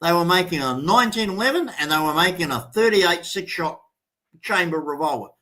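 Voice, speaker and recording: A host on a live stream, this man talks fairly quickly in a high voice. His storytelling is casual and animated, and he plays out each character's lines himself.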